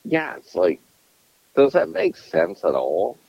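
A man with a deep, low voice talks politics loosely and crudely, rambling and circling back on his own phrases. The sound is dull and lo-fi, with a dry, close feel and no room echo. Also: wildly swooping pitch, slow pace, vocal fry. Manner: profane, rambling, restarts sentences. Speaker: podcast co-host. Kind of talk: casual political chat.

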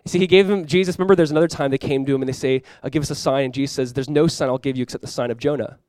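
A male pastor preaching a sermon in an animated way, acting out quoted voices and often repeating words as he goes. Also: medium pitch, very fast, no room sound.

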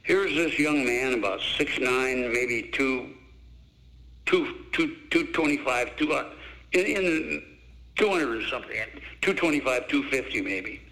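A man's voice: medium pitch, a little slow, rough recording. An older man, a former basketball coach, telling stories in an interview and acting out the people in them. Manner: animated storyteller, acts out quoted voices. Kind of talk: storytelling interview.

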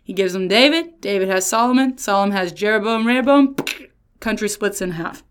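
A woman giving a casual Bible lesson, retelling stories in lively slang with playful voices. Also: medium pitch, brisk, clear, resonant tone. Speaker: Bible teacher.

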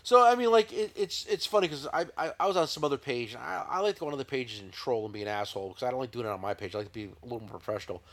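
Profane rambling man, lively pitch. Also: racing, hardly any pauses. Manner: profane, rambling, repeats words. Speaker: podcast host, tool shop owner. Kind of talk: casual chat.

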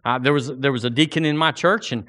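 A man's voice: medium pitch, quick pace, fairly bright tone. A middle-aged man, preaching a sermon in a folksy, rambling way, often repeating words. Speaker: pastor. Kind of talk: fervent prayer.

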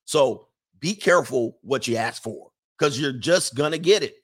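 A man's voice: fairly high pitch, measured pace. Male commentator, casual monologue, colloquial, leans on "all right," mocking impressions. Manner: animated, mocking impressions, frequent laughs.

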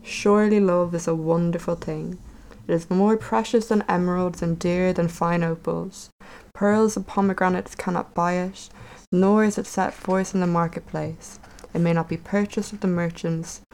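A woman voicing an earnest, romantic female nightingale in a storybook tale, speaking slowly and with feeling. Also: fairly low pitch, steady tone, darkish tone, natural voice, rough recording. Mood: rapturous. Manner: slow, heartfelt storybook recitation.

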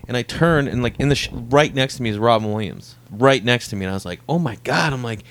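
A man's voice: medium pitch, quick pace, fairly bright tone. A man, a comedian, telling a chatty, profane story in drunken casual talk in a hotel room. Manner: profane, chatty anecdotes with quoted lines. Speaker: comedian guest.

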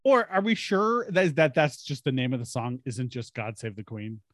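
A woman with a low-pitched voice co-hosts a casual podcast, rambling and giggling as she breaks off mid-sentence. Her pitch swings widely as she talks, and the sound is dry and close. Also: very animated, normal speed, dry recording. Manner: giggly, rambling, self-interrupting. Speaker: podcast co-host. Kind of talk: casual chat.

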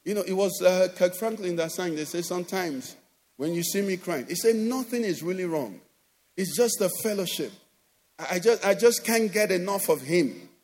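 A man with a Nigerian accent preaching a sermon as pastor, animated, acting out quoted voices and often asking "do you understand?". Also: high-pitched, normal speed. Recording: long hall reverb.

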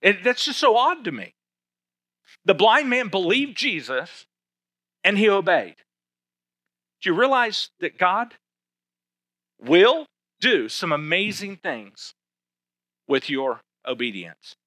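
Emphatic male pastor, bright voice. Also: high voice, big pitch swings, no echo. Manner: emphatic, slows down to stress key words. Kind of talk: sermon. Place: church sanctuary.

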